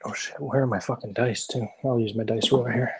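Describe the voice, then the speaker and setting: A man playing in a tabletop game, explaining his character's spells with many pauses and fillers. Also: medium pitch, fairly even intonation, breathy edge. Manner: hesitant, rules-checking, many fillers. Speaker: player. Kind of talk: tabletop game play, casual.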